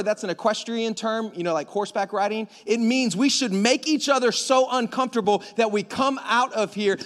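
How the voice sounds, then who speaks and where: High-voiced pastor in a reverberant hall. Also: male voice. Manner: conversational, storytelling, animated with asides. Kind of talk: sermon. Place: church auditorium.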